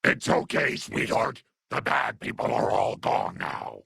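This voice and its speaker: A man voicing a kindly, muddled old grandmother super mutant in a game dub, raspy and doting, who calls everyone dearie. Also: fairly low pitch, huge pitch swings, unhurried, sharp tone, dry recording, heavily acted. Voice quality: gravelly, raspy.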